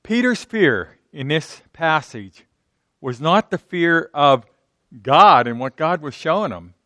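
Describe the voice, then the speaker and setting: On the high side and sing-song, the male pastor's voice moves slowly with a pushed, bright quality and no room sound. He has a slight sore throat as he delivers an improvised church sermon, frequently repeating words and restarting sentences.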